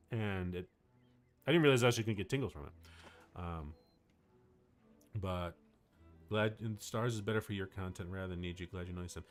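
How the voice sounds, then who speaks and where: A man livestreaming, chatting casually with his viewers in a rambling, excitable way, full of fillers. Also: mid-range voice. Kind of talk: casual chat to a live chat.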